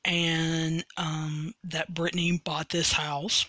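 A man hosting a solo podcast, reviewing a paranormal TV show in a rambling way with many pauses, his voice cracking slightly. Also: on the high side, little pitch movement, pushed and bright, no room sound, rough recording. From West Virginia. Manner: rambling, many ums and restarts. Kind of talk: casual solo podcast commentary.

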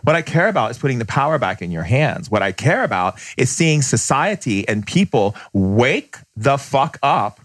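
A man speaks as a podcast guest and shaman, telling stories with blunt emphasis and quick bursts. He slips into the voices of the people he quotes, jumping his pitch up and down. His voice sits in the middle range, recorded close and dry. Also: very animated, a bit bright, breathy edge, no room sound. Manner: acts out quoted people with big pitch jumps. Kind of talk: animated storytelling in conversation.

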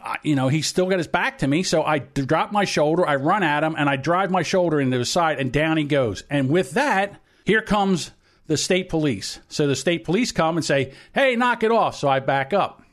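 A man's voice: a little high, moderate pace. A man of about sixty co-hosting a podcast, telling a long story bluntly and with plenty of swearing. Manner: profane, blunt anecdote-telling. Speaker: podcast co-host. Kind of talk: casual chat, storytelling.

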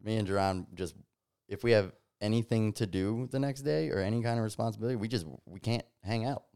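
Male co-host, low gravelly voice, easygoing casual chat. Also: a little fast, dark tone. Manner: laid-back, says "dude" a lot. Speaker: podcast co-host.

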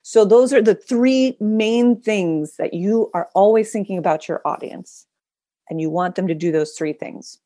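Animated woman speaker, dry close sound. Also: medium pitch, a little slow, dry recording. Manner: animated, dramatic storytelling. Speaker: guest speaker. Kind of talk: interview storytelling.

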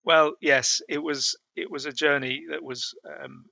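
A middle-aged man recalls his past journeys for an interviewer. His voice is bright and gravelly, with many fillers and restarts. The sound is close and dry. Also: a little high, steady tone, unhurried, dry recording. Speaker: interview guest. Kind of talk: storytelling in a conversation.

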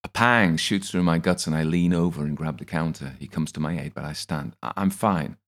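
A man narrating a first-person audiobook in a steady, reflective storytelling manner. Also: very deep voice, fairly quick.

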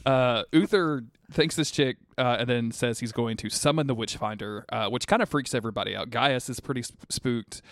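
A man's voice: medium pitch, moderate pace, few pauses, fairly bright tone. A man co-hosting a podcast, recapping a TV episode in casual, rambling chat full of fillers and restarts. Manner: rambling, lots of fillers and restarts, bursts of laughter. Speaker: podcast co-host.

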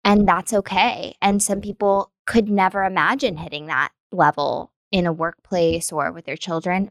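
A woman's voice: medium pitch, no room sound. A woman hosting a podcast interview, talking in an encouraging, affirming way and often saying "like". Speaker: podcast host. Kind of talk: conversational interview.

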